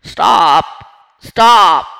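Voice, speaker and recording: A man's voice: high voice, lively intonation, very slow, creaky, bright, forceful tone, big-room sound, pitched above the performer's own voice, heavily acted. A man voicing a terrified male patient who pleads in panic, from an audiobook reading. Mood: panicked.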